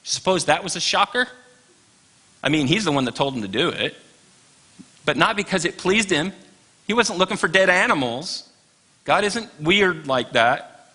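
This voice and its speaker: A man leads a church class in a relaxed, chatty way, dropping wry little asides as he goes. His voice sits a bit high and rings bright and forceful. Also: moderate pace, long pauses. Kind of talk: informal Bible class teaching.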